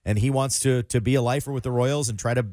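A man's voice: medium pitch, steady tone, fast, darkish tone, no echo. A man co-hosting a sports radio talk show. He gives his opinions into a studio microphone, often stopping and starting over. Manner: hesitant, restarts often.

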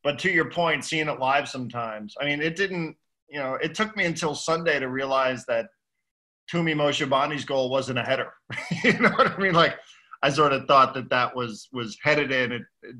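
Bright-voiced man talking soccer. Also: medium pitch. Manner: relaxed, conversational, swears casually. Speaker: podcast co-host. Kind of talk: casual sports chat.

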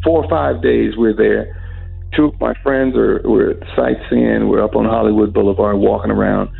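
A middle-aged man with a gravelly, husky voice tells a lively story as an interview guest. He acts out the voices of the people in his tale. The sound is thin and phone-like. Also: fairly low pitch, normal speed, faint music behind. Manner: animated storyteller who acts out quoted voices. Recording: phone-like narrow audio.

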